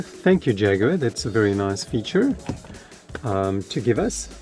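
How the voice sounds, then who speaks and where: Frank, chatty man reviewing a car. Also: medium pitch. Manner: frank, conversational, addresses viewers directly. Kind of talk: casual walkaround review. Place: inside a parked car.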